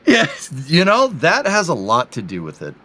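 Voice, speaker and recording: A man's voice: fairly high pitch, wildly swooping pitch, moderate pace, sharp tone. A man with a Boston accent co-hosting a livestream, teasing his co-host in casual banter. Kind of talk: casual live commentary.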